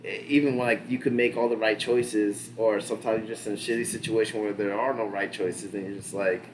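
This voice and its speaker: A man's voice: lowish voice, steady tone, fairly quick, background noise. A man talking loosely as a podcast co-host, rambling through a show recap with lots of fillers, restarts and casual swearing. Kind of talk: casual pop-culture discussion.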